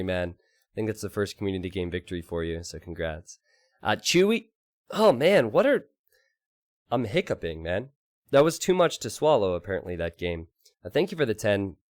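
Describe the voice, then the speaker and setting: A man casting a strategy game live and chatting with his stream audience, excitable and quick to laugh. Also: on the low side, no room sound, studio quality. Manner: excitable, laughs often, talks to chat.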